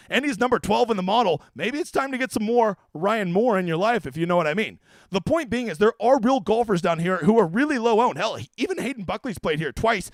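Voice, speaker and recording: A man's voice: high-pitched, no room sound. A man hosting a casual streamed fantasy-golf picks talk, brash, profane and joking as he runs through his picks. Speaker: fantasy golf analyst host.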